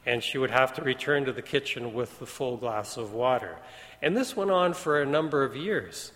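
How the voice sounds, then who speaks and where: A man's voice: medium pitch, animated, moderate pace, fairly bright tone. Man preaching, telling a story, mid voice, big echoey church hall. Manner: retells a story with quoted dialogue, occasional restarts. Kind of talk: sermon storytelling. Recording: long hall reverb.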